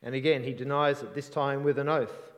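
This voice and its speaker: A man preaching a sermon in an earnest, reflective way, often trailing off softly at the ends of phrases. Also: mid-range voice, steady tone, a little fast, big-room sound.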